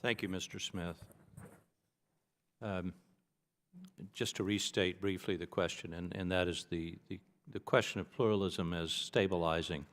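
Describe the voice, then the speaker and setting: A man from the United States giving congressional testimony as an expert witness, arguing in a deliberate, emphatic way with some restarts. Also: low voice, fairly even intonation, fairly bright tone. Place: congressional hearing room. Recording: reverberant hearing room.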